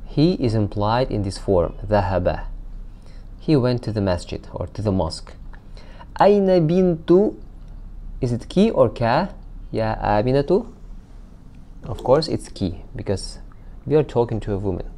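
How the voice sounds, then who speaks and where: In a recorded lesson, an Arabic teacher reads example sentences aloud and then explains them slowly, hesitating often and using lots of fillers. His voice is medium-pitched, mellow, and sing-song.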